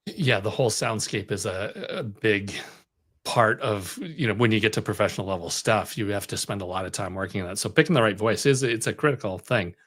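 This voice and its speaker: A man who hosts a podcast, chiming into a casual chat in a relaxed, offhand way. His voice sits on the low side. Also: fairly quick. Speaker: podcast host.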